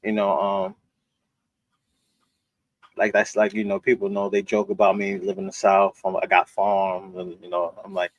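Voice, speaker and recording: A man from New York hosting a casual chat and telling stories in a laid-back way, quick to laugh. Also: low voice, monotone, no room sound. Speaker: podcast host.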